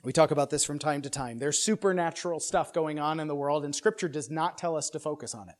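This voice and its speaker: A man preaching an expository sermon in an earnest way, often restarting and repeating words, and getting louder and higher as he presses a point. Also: fast. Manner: builds louder and higher when stressing a point.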